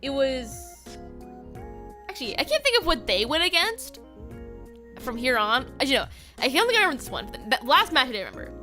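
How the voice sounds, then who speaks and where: A young woman VTuber streamer chats casually on a livestream, launching into animated, laughing rants full of swearing. Her high voice runs a little fast with frequent pauses, and soft music plays in the background.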